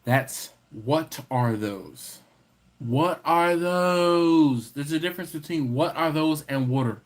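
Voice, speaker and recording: A man's voice: medium pitch, unhurried. A man hosting a casual livestream, reading viewer comments and teasing the chat. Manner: playful, teasing, banters with chat. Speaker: livestream host.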